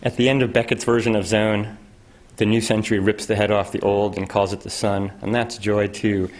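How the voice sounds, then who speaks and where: A man, a poet, reading his own poems at a university event with a dry, wry delivery. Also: lowish voice. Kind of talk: poetry reading.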